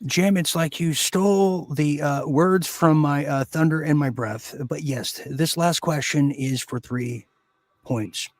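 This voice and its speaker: A man hosting a mock quiz show, joking in a hammy, deadpan way with lots of fillers and pauses. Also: on the high side, dry recording. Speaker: game show host.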